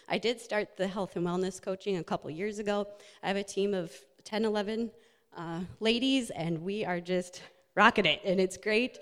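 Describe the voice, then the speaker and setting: Woman coach giving a heartfelt talk, um's and little laughs, long echo in a big hall. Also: medium pitch. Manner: earnest, personal, with fillers and laughs. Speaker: speaker, health and wellness coach. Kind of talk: motivational talk with slides. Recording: echoey hall.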